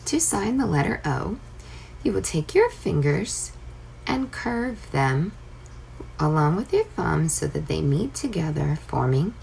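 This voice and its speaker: A woman reading a short story aloud to children and asking questions about it in a very slow, deliberate way. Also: low-pitched, sing-song, creaky, a little mellow, a little hiss or hum. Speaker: reading teacher.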